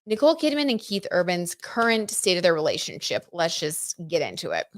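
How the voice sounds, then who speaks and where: A woman's voice: lowish voice, wildly swooping pitch, moderate pace, no echo, studio quality. A woman hosting a tarot livestream, chatty and giggly, talking straight to her viewers. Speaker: tarot reader, livestream host. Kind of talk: casual livestream chat, tarot reading.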